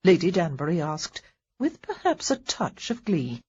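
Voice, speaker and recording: Breathy lady narrator, slow, sing-songy, kinda muffled lo-fi audio. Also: sits low, sing-song, dark tone.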